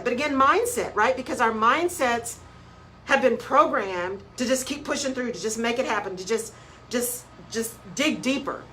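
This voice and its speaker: A woman's voice: a little high, a bit bright, a little hiss or hum, rough recording. A woman hosting a live motivational radio talk show, speaking emphatically and repeating key phrases in a preaching rhythm, greeting listeners by name as she goes.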